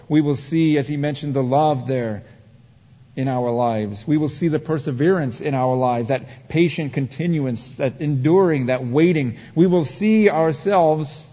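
A man's voice: mid-range voice, slightly rough. Preaching man in an echoing hall. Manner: dramatic preaching, rising to heated emphasis and dropping to hushed. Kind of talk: sermon. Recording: dull muffled sound with long hall reverb.

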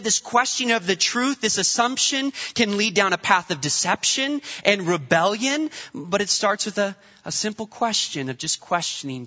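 Emphatic preacher, high bright voice. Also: male voice, expressive, normal speed. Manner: emphatic, repeats rhetorical questions. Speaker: pastor. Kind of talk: sermon. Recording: dull reverberant hall recording.

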